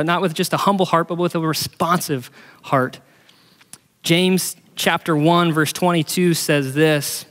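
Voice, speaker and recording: A man's voice: a little high, long reverb tail. A man in his thirties preaching a sermon as pastor, earnest, acting out little dialogues to make his points. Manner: earnest, acts out dialogue voices for illustrations. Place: church auditorium.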